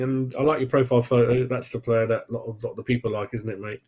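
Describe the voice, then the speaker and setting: A man's voice: medium pitch, little pitch movement, quick pace, few pauses, darkish tone. Chatty man, calls everyone mate. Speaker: football fan channel host. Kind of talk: casual live-stream chat with viewers.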